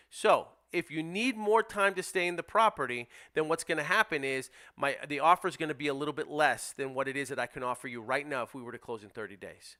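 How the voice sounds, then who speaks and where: A man teaching real estate wholesaling, emphatic and direct, acting out lines to sellers. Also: sharp tone. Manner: emphatic, role-plays seller scripts with dropping pitch. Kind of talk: instructional presentation.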